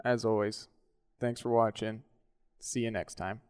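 A young man casually commenting on his gameplay, excitable and playful, shouting at wins and losses. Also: lowish voice, a little slow, a little hiss or hum. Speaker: gaming video host.

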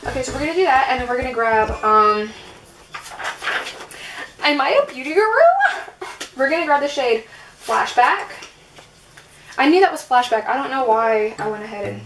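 A woman's voice: high-pitched, lively intonation, moderate pace, long pauses, a bit bright, a little hiss or hum. A young woman chatting casually through a makeup tutorial at home, self-mocking and sarcastic, with lots of "like" fillers, talking to a camera propped on a table. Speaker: beauty vlogger. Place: at home in front of a mirror.

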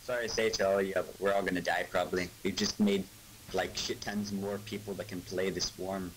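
A man's voice: low-pitched, flat delivery, fairly quick, noisy background. A man chatting casually and jokingly while playing an online game. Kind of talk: gaming voice chat. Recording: game voice chat over loud music.

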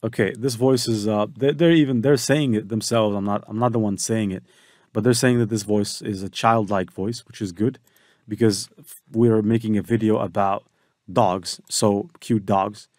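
A man with a fairly low voice hosts a step-by-step software tutorial and talks each click through as he goes. The sound is dry and close. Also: steady tone, moderate pace, dry recording. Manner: thinks aloud, walking through each step. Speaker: tutorial host. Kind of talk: screen-recorded software tutorial.

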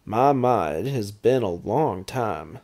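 A man reading an audiobook, voicing a smug, pompous male vampire baron who speaks in a low, mocking drawl. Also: animated, slow, darkish tone, heavily acted.

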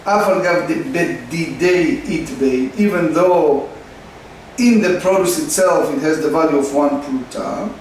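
Man, Talmud lesson, slow halting explanation, faint background noise. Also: a little high, far from the mic. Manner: slow, halting delivery, reading Aramaic then translating. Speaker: Talmud teacher. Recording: echoey room, faint noise.

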